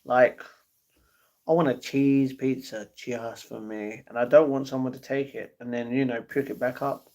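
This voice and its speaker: A man's voice: medium pitch, level tone, normal speed, a little mellow. A man chatting casually on his live stream, answering viewers' messages and talking to his pets between replies.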